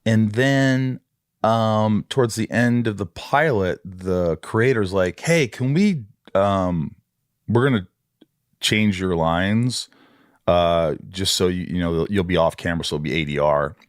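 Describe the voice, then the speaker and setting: Deep-voiced man telling animated stories. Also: unhurried, dry recording, clean studio sound. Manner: animated, acts out quoted dialogue. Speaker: podcast host. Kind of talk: casual interview storytelling.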